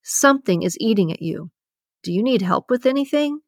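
A woman's voice: on the high side, animated, fairly quick, no room sound, studio quality, voice pushed up. A woman voicing a cocky, nosy male coworker who wisecracks and teases in an audiobook. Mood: teasing. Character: cocky, teasing male employee. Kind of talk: audiobook character reading.

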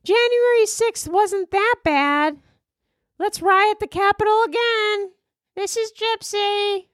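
A woman doing a comic impression of a cheerful, airheaded young female celebrity in a very high, sing-song, slow voice. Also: fairly bright tone, no room sound, clean studio sound, exaggerated voice. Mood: ditzy. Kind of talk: comedic impression.

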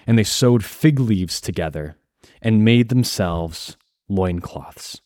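Deep-voiced young guy on a christian podcast, lots of ums and restarts, dry close sound. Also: takes it slowly, darkish tone, dry recording. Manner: thoughtful, searching for words with many fillers and restarts. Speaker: podcast co-host. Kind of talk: casual Christian podcast discussion.

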